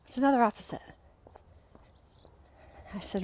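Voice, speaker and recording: A woman's voice: mid-range voice, a little fast, pauses often. A woman host and coach speaking in a walk-and-talk monologue, telling stories and acting out the people she quotes. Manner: animated storytelling, acting out quoted voices.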